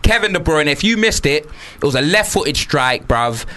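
A man's voice: on the high side, lively intonation, normal speed, pushed and bright. A young man leading a slang-heavy, jokey football rundown. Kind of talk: casual football banter.

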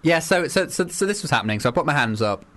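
A man's voice: animated, fast, a bit bright. A man co-hosting a podcast, telling a candid story in a giggly, casual way. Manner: giggly, jumps up in pitch when laughing. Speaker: podcast co-host.

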